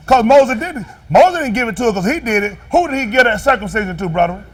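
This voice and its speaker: A man's voice: very high voice, animated, brisk. A man preaching a sermon. He is a folksy, joking pastor who quizzes his congregation and waits for them to call the answers back.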